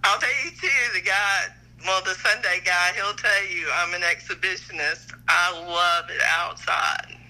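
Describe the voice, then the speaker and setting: A woman's voice: on the low side, fairly even intonation, unhurried, pushed and bright, low-quality recording. A middle-aged woman calling in, chatting frankly and giggling about her dating life. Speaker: caller. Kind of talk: casual chat.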